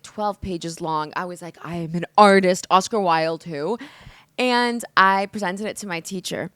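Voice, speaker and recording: A woman's voice: on the low side, clean tone, no echo. A woman in her twenties, from the United States, hosting her own podcast in a candid, emotional solo monologue, swearing freely and saying "like" a lot. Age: 20s. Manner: candid, expressive, swears often, says "like" a lot. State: emotional, hungover. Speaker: podcast host.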